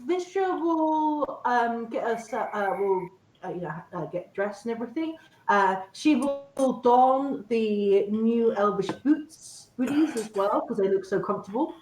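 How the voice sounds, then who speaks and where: A woman's voice: fairly high pitch, animated, a little slow, darkish tone, echoey room, slight background noise, poor audio. A woman playing a tabletop game, describing her character's actions hesitantly with many fillers. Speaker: player.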